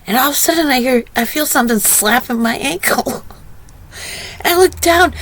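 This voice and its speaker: A woman sharing reflective spiritual stories in a vlog, often breaking into laughter and getting animated as she retells funny moments. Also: moderate pace, slight background noise. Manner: animated retelling, rising pitch when excited. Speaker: vlogger.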